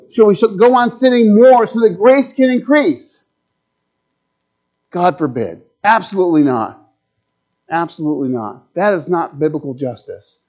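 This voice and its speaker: A middle-aged man preaching a sermon dramatically, rising to urgent peaks and dropping to hushed lows. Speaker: pastor. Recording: dull lo-fi sound.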